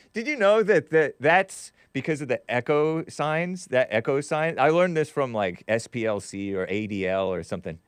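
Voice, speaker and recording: A man's voice: mid-range voice, animated, normal speed, clear, resonant tone, dry recording, clean studio sound. A man hosting a live talk stream, reading viewer chats with a wry tone and frequent laughs. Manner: wry, laughs often, trails off and restarts. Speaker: show host.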